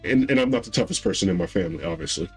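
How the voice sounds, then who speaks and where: A man in his thirties telling a long family story in casual podcast chat, rambling with fillers and acting out quotes in a higher voice. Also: lively intonation, very fast, slightly rough, soft background music, poor audio. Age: 30s. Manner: rambling, acts out quotes with raised pitch. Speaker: podcast co-host.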